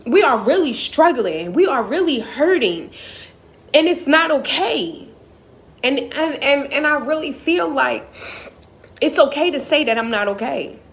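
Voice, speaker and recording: A woman's voice: sits high, big pitch swings, a little slow, a bit bright. A woman, giving an impassioned, emotional personal monologue as a motivational speaker. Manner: impassioned, talks straight to the audience.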